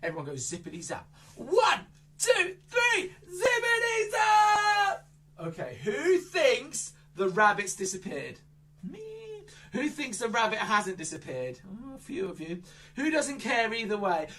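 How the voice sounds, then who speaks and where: A man performing an interactive kids' magic show, playful, with exaggerated squeals and shouts. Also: sits high, big pitch swings, normal speed, distant mic. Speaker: children's entertainer.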